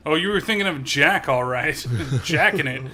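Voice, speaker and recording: Male podcast cohost, higher bright voice, crude teasing banter. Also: lively intonation, moderate pace, slight background noise. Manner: laughs often, teasing, swears. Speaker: podcast co-host. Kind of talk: crude casual chat.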